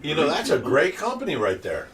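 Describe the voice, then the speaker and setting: A man's voice: on the high side, huge pitch swings, brisk, crowd noise. A man hosting a casual livestream for a fish rescue, telling stories and laughing often. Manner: chatty storyteller who laughs often. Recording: voice distant from the mic.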